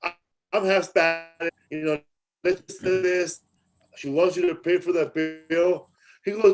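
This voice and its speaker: A man's voice: sits high, steady tone, measured pace, soft background music, rough recording. A man hosting a podcast, telling stories in casual street slang, swearing and acting out angry quotes. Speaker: podcast host. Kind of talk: casual storytelling chat.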